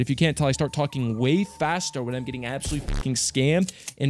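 A young man giving hyped, profane commentary over a slot game, jumping between mutters and loud yells. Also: mid-range voice, fast talker. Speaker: slots streamer.

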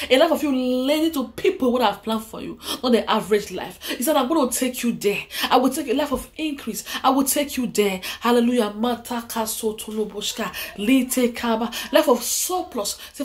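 A woman preacher delivering a fervent prophetic sermon, breaking into tongues between repeated, exhorting declarations and hallelujahs. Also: fairly high pitch. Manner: repetitive, exhorting, punctuated with hallelujahs.

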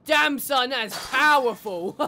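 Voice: sits high, slow pace, bright, forceful tone. A gamer giving casual, jokey commentary while playing, laughing and swearing often. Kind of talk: casual let's-play commentary.

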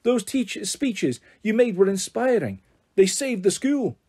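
Man putting on an earnest head teacher, lecturing, warm mellow tone, husky. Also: high-pitched, big pitch swings, measured pace, pitched above the performer's own voice, heavily acted. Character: kindly male head teacher, earnest and teasing.

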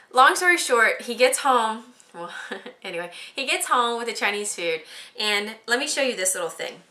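A woman's voice: mid-range voice, pushed and bright, reverberant. A young pregnant woman telling a personal story in casual chat, giggling often and filling her talk with "like" and "um". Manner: chatty, giggly storytelling with lots of fillers. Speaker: vlogger.

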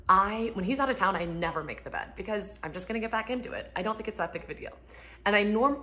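A woman in her thirties, a homeschooling mom, chatting casually to camera from home, laughing often and acting out quotes in a higher voice. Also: sharp tone. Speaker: homeschooling mom and ministry speaker.

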